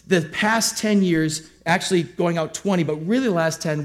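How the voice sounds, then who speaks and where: Middle-aged male pastor, conversational sermon delivery with joking asides, slightly high-pitched. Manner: conversational storytelling with asides and self-deprecating humor.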